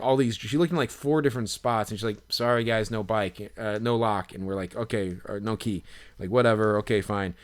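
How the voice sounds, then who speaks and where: A man tells a story on a casual podcast at a middling pitch. He gets animated, pushing his voice up and louder as he acts out each quote. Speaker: podcast co-host.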